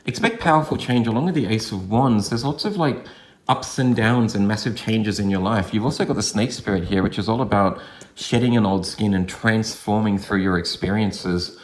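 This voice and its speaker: A man with a low voice gives a gentle, affirming tarot reading to his viewers. He talks loosely, with restarts and rising lifts, and the room around him sounds echoey. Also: moderate pace. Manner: gentle, affirming, drifting in pitch with frequent restarts. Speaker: tarot reader. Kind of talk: pick-a-card tarot reading.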